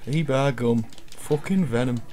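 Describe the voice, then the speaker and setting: A man's voice: medium pitch, unhurried, mellow, close to an everyday voice. A man voicing a boastful northern English alien symbiote brute, with a swaggering, rowdy delivery.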